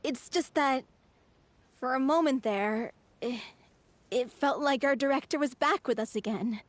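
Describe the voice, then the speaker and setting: An actress playing a kind, nostalgic young woman in a theatre troupe who speaks in a gentle, fond way in a video game. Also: high-pitched, a little slow, no room sound.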